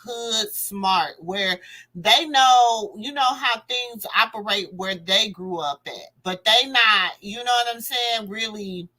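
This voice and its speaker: Slow-talking woman, bright voice. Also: medium pitch, rough recording. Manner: chatty, rambling with many fillers. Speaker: livestream host. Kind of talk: casual commentary livestream.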